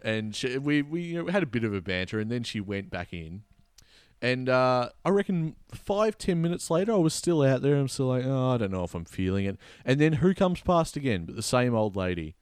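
An Australian man chatting on a football podcast, his voice smooth and resonant and the sound close and dry. He spins a story with animated, mock-outraged flair, rising into sharp exasperation. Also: medium pitch, fairly quick, no room sound. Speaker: podcast co-host. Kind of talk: casual footy podcast chat.

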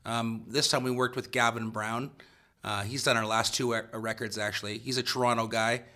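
Rambling band guest with a bright voice. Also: male voice, mid-range voice, steady tone, moderate pace. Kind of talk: casual interview chat.

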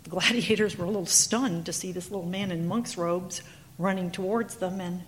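A woman's voice: on the low side, normal speed, slight background noise. Woman preacher telling a dramatic story. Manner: dramatic, animated retelling. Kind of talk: sermon storytelling. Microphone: handheld or clip mic.

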